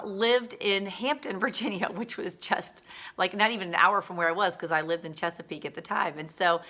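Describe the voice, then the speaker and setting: Brief: a chatty, gushing woman telling a story to camera, with a lowish pitch and a bright tone. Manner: chatty, gushing, repeats words. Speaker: cosmetics sales director.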